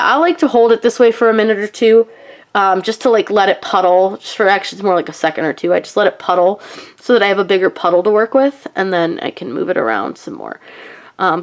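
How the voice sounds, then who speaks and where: A woman with a cold and a nasal voice, chatting casually through a craft tutorial with frequent ums and likes. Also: mid-range voice. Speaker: craft channel host.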